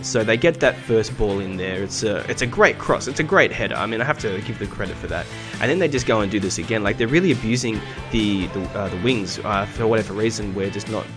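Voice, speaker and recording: A young man hosting a gaming video, recapping matches in a chatty, excitable way, full of restarts and fillers. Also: mid-range voice. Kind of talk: game commentary, recapping and playing live. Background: background music.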